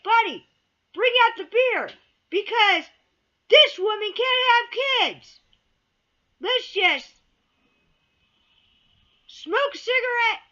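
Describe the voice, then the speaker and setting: A woman doing a jeering, high-pitched partying man. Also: pushed and bright, muffled recording, heavily acted. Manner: taunting, sing-song laughing.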